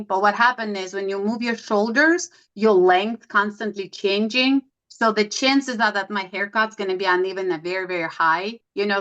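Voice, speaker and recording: A woman's voice: medium pitch, rough recording. A middle-aged woman from Russia with a Russian accent, telling stories in conversation and acting out quoted dialogue. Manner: animated, acts out quoted dialogue. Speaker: guest. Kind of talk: conversational storytelling.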